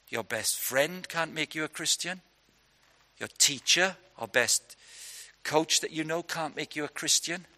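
Preacher in a big hall. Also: male voice, mid-range voice, bright, forceful tone. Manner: conversational, punchy, asks the audience questions. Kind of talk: sermon. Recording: long hall reverb.

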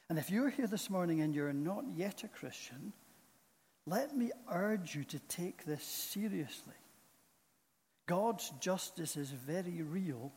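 A man preaching a sermon in a church, speaking in a slow, solemn and earnest way. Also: fairly high pitch, a little mellow. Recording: long reverb of a large hall.

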